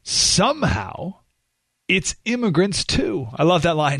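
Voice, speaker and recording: A man's voice: fairly high pitch, expressive, normal speed, a bit bright, no echo. A man hosting a political talk radio show, delivering an emphatic, ranting monologue with sarcastic asides from a studio. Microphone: studio microphone.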